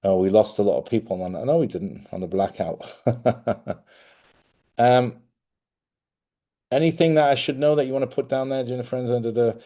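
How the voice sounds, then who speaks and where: A man hosting a spiritual live stream, chatty and animated, often laughing as he talks. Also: mid-range voice, moderate pace, long pauses. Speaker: spiritual host.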